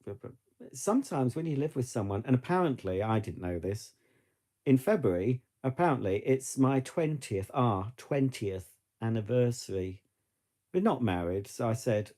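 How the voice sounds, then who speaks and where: A man's voice: mid-range voice, lively intonation, moderate pace, a little mellow. A middle-aged British man chatting casually to camera in a rambling way, with frequent restarts and asides. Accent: British English. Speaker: vlogger.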